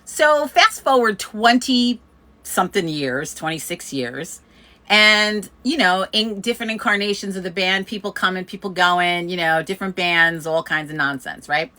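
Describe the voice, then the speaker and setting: A woman's voice: on the low side, moderate pace. A woman, chatting casually as host and telling a story, laughing often and acting out the people she quotes. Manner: chatty, laughs often, animated quoting of others. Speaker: host of a community coffee chat.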